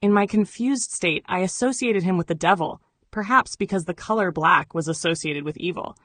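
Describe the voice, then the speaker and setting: A woman reading memoir narration in an even, measured way. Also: fairly low pitch, dry recording. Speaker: audiobook narrator.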